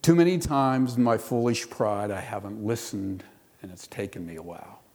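A man's voice: on the low side, normal speed, a little mellow. A middle-aged male pastor giving a sermon, reading scripture and then explaining it in a conversational way. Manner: reads scripture then explains it conversationally, with playful voices for quotes. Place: church. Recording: long hall reverb.

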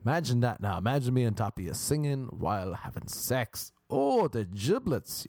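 A man telling a crude comic story as a podcast host, rambling and breaking into high shrieks. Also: very animated, normal speed, darkish tone, no echo, studio quality.

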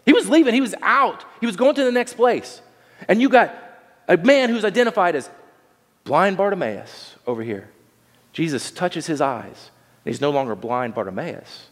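A male pastor preaching a sermon, lively and playful, acting out the scene in little voices and asking the room questions. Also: high voice, normal speed, big-room sound.

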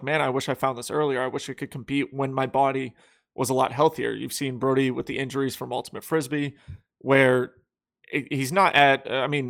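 Man co-host, gravelly voice, mid pitch, measured and explanatory. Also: a bit bright. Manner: measured, explanatory, frequent "you know" and "like". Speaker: podcast co-host. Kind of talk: casual chat.

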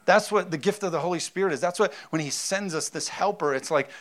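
Pastor preaching in a chatty way. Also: male voice, fairly high pitch, fast, hardly any pauses, fairly bright tone. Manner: conversational preaching with acted-out asides. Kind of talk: sermon.

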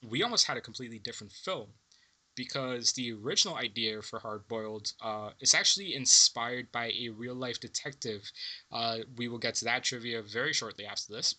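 A man co-hosting a film podcast, chatting casually and excitedly about movie trivia, laughing and swearing often. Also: medium pitch, brisk. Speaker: podcast co-host.

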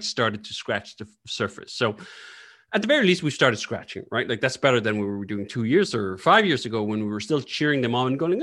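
Blunt, animated man guest. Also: on the low side. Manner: animated, blunt, swears freely. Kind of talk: casual interview talk.

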